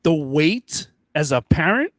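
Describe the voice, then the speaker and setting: A middle-aged man from Long Island co-hosting a podcast, talking in an emphatic, halting way that circles back on itself. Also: on the high side, sing-song, no room sound. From Long Island, New York. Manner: emphatic, halting, repeats himself. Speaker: podcast co-host. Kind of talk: casual podcast chat.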